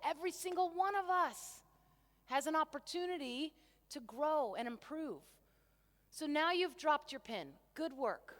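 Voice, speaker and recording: A woman coach giving an energetic keynote to a conference crowd, asking rhetorical questions on a stage microphone. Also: high voice. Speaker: motivational coach. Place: large convention centre hall. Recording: long reverb of a big hall.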